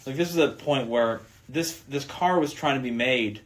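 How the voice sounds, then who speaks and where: Animated opinionated man reviewing films. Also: mid-range voice. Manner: animated, opinionated, quick to laugh. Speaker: podcast co-host. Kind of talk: casual movie review chat.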